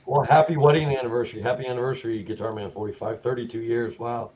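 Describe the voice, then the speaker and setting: A man's voice: medium pitch, fairly even intonation, fast talker, darkish tone. A Canadian man co-hosting a live podcast, chatting casually with dry one-liners. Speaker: co-host. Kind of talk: casual chat. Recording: dull lo-fi sound.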